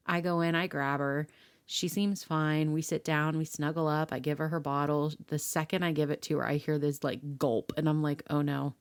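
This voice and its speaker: A woman's voice: low voice, fairly even intonation, normal speed, clear, resonant tone. A young woman co-hosting a podcast, telling a family story in casual chat, laughing often and acting out what people said. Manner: laughing storytelling, acts out dialogue. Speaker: podcast co-host.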